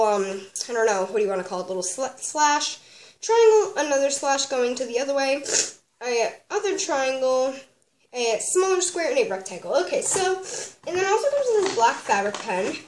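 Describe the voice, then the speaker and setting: A young woman with a high, sing-song, slightly mellow voice speaks at a moderate pace, sniffly from a cold. A craft vlogger at her home desk, she reviews a kit in a bubbly, chatty tutorial, rambling with lots of "like" and "um." The room is echoey with faint background noise.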